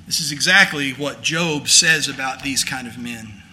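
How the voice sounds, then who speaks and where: Folksy preacher man with a bright, forceful voice. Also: medium pitch, normal speed, a little hiss or hum. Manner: folksy, conversational storytelling; rising to emphatic preaching. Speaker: pastor. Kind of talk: sermon.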